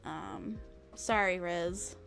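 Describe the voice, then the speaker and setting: A woman's voice: fairly low pitch, very slow, gravelly, fairly bright tone, smooth, faint music behind. A young woman streamer chatting casually with her viewers, rambling, laughing often and swearing freely.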